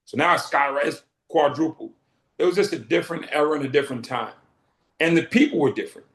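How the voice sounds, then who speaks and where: A talkative middle-aged man from Boston, a guest in an interview, tells his story vividly while acting out the lines he quotes. His fairly high, expressive voice is a bit bright and comes quickly, with a roomy echo on the recording.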